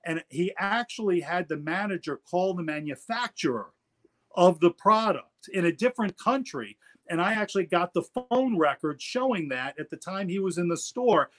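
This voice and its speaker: A man's voice: high voice, animated, moderate pace, fairly bright tone. A middle-aged man, an attorney guest, telling stories in casual interview talk and often repeating words as he goes.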